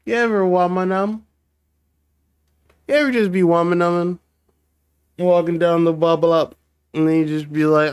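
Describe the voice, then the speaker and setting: A man's voice: sits high, fairly even intonation, moderate pace, long pauses, clean tone. A young man streaming, chatting casually and joking with made-up nonsense words. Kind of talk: casual livestream chat.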